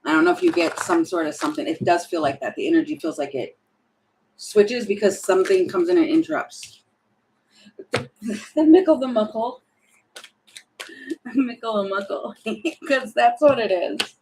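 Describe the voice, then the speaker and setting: A woman's voice: lowish voice, normal speed, darkish tone, slight background noise, rough recording. A woman doing a casual, spontaneous tarot reading, thinking aloud, rambling and giggling as she goes. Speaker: tarot reader.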